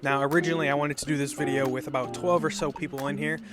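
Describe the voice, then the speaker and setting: Fast-talking man interviewer over loud music. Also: a little high, fairly even intonation. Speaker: street interviewer. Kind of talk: vlog street interview.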